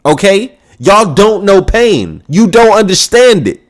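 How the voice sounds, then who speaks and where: A young man hosting a casual talk show, telling a story in an animated, profane rant full of restarts. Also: high-pitched, a little slow, few pauses. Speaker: podcast host.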